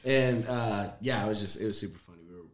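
A man in casual chat, speaking haltingly and laughing as he talks. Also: on the low side. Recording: roomy with crowd behind.

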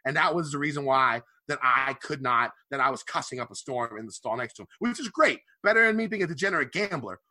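A man with a bright, forceful voice tells a long, swearing-laced story in casual podcast chat. His delivery is loose and animated, recorded close and dry with no room sound. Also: medium pitch, fast talker, hardly any pauses, no echo. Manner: profane, animated anecdote telling. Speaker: podcast co-host.

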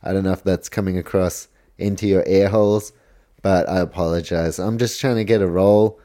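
Low, mellow New man rambling. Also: fairly even intonation, normal speed. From New Zealand. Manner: rambling, self-correcting, swears, goes off on tangents. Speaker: podcast host. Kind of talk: casual solo podcast preview.

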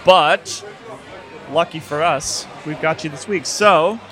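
A man's voice: a little high, takes it slowly, a bit bright, faint music behind. Upbeat, joking male podcast host. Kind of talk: casual podcast chat. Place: tavern.

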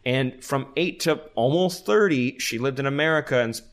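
A man co-hosting a podcast in casual chat, animated and quick to jump up in pitch when excited. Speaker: podcast co-host.

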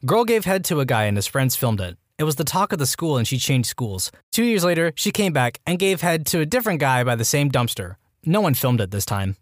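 A man's voice: on the high side, very animated, fairly quick, few pauses, no room sound, studio quality. A man reading out a string of short anonymous school stories as scripted narration, matter-of-fact with wry asides.

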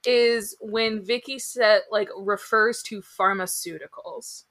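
Wry bright-voiced woman podcaster. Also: medium pitch, fairly even intonation, takes it slowly. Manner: wry, playful predictions. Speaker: podcast co-host. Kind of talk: casual chat.

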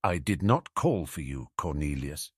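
A man doing a genial old headmaster, low and measured. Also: lively intonation, slightly rough, no room sound, clean studio sound, full character voice. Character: calm, genial elderly male headmaster.

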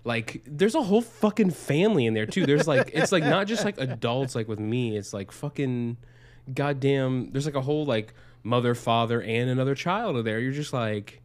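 A man's voice: medium pitch, lively intonation, moderate pace. A young man casually telling a rambling, profane story on a podcast, with lots of fillers. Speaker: podcast co-host. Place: Arizona.

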